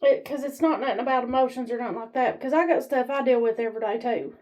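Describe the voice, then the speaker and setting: High-voiced, blunt woman vlogger. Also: fast talker, darkish tone. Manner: blunt, rambling, folksy. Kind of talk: candid motivational talk to camera. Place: standing while filming herself.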